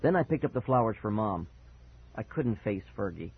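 A man tells a first-person children's scare story with a lively, dramatic delivery. His voice has a husky grain. The sound is dry and narrow, like a phone line. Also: on the low side, moderate pace, no room sound. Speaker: audiobook narrator.

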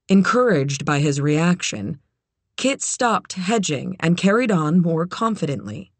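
An audiobook narrator reading a novel in even, measured scripted narration. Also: mid-range voice, dry recording.

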